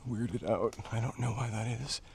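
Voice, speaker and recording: A man's voice: fairly low pitch, normal speed, gravelly, slight background noise. A man narrating casually while walking outdoors up hillside stairs, a bit out of breath from the climb. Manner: chatty, slightly out of breath from climbing. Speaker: vlogger.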